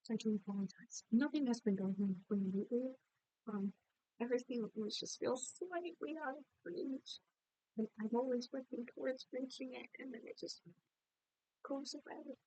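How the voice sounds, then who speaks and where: Tired, rambling young woman, mellow voice. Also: on the high side, normal speed, no echo, poor audio. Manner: rambling, candid, tired and apologetic. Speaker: college student and game creator. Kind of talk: casual voice-over chat over a game build. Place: at home by a laptop.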